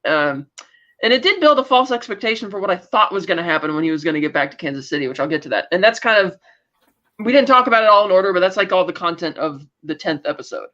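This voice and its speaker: A man's voice: high voice, lively intonation, quick pace, sharp tone, muffled recording. A man co-hosting a podcast, casually recapping a TV episode and loosely paraphrasing what the characters say. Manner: loose retelling, paraphrasing characters' lines with "blah, blah, blah". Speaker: podcast co-host.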